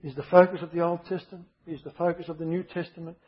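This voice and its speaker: A man's voice: fairly high pitch, little pitch movement, fast talker, breathy edge, dull audio. A man preaching a sermon, emphatic and repeating his key phrases for weight.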